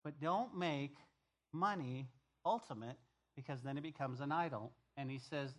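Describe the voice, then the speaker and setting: A man's voice: mid-range voice, moderate pace. A middle-aged male pastor preaching a conversational sermon, repeating key phrases and telling stories from the pulpit.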